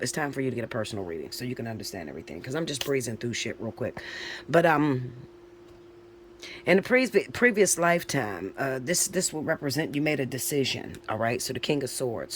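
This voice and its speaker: This tarot reader talks in a mid-range, fairly bright voice, with a little hiss or hum in the recording. His spoken reading is casual, informal, and chatty, with the odd swear word. He keeps checking in with the listener, ending lines with "okay?" and "all right?"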